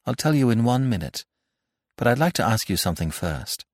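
A frantic young man, strained and urgent, his pitch pushed up and swinging widely as he insists he is losing his mind, voiced by a man reading a storybook. The sound is dry and close, with no room around it. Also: very animated, fairly quick, no room sound, lightly acted. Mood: distraught. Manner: urgent, distraught. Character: agitated anxious young man.

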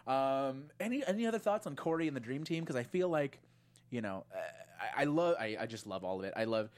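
A woman's voice: rumbling low, a little fast. A woman co-hosting a podcast, chatting casually about a show, acting out lines in voices with lots of fillers. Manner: animated, acts out quotes in voices, many fillers. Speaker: podcast co-host. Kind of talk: casual chat recapping a TV series.

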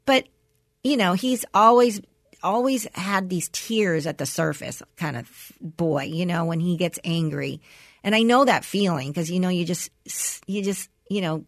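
A woman's voice: fairly low pitch, a little slow, dry recording, studio quality. Chatty woman telling a rambling story. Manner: rambling storyteller, many "you know" fillers, acts out quotes. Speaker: podcast co-host. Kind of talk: casual chat.

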